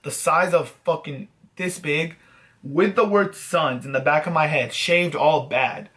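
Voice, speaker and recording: A man vlogging, telling a story to camera in a casual, animated, self-mocking way and swearing freely. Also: a little high, unhurried. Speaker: vlogger host.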